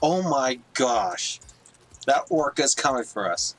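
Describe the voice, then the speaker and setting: A man's voice: mid-range voice, sing-song, slow, a bit bright, poor audio. A man co-hosting a game stream, throwing in playful, needling quips. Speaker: co-host. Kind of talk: casual chat while streaming a game.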